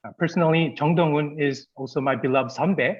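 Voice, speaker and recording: Moderator, muffled video call. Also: male voice, fairly high pitch, fast talker. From Korea. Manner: polite and formal, with frequent fillers. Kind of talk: formal introduction of a speaker.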